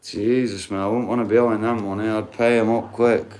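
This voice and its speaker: With a lowish, darkish voice that barely moves in pitch, this Yorkshire livestreamer in his late forties talks briskly to his viewers. He's casual, swears freely, and speaks straight to the chat in a Yorkshire accent.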